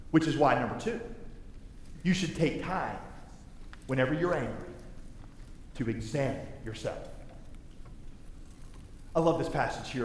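A male pastor preaching a sermon in a big church, talking in a loose, conversational way that swings between soft and loud. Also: medium pitch. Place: large church sanctuary. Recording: echoey hall with faint noise.

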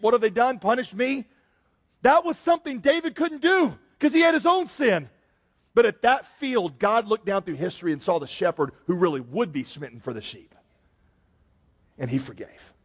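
A man preaching a sermon as pastor, swinging from quiet, slow emphasis to loud bursts. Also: sits high, long reverb tail.

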